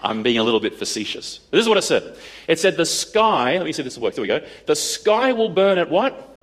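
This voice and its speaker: A man telling a story to an audience, acting out the dialogue in an animated way. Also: mid-range voice, fast. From Australia. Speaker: speaker addressing an audience. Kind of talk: storytelling talk.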